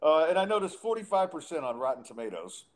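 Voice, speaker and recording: A man's voice: a little high, very animated, quick pace. A man hosting a casual talk podcast. He rants with an exasperated edge and trips over his words as he goes. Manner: exasperated, ranting, lots of restarts. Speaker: podcast host. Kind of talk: casual chat and rant.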